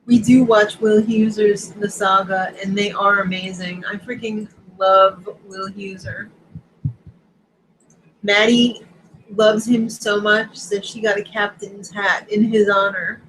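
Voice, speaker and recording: A middle-aged woman from Long Island hosting a casual live-stream chat, talking in quick asides and reading viewer comments aloud. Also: medium pitch, steady tone, fairly bright tone, slight background noise, low-quality recording. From Long Island, New York. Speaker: host.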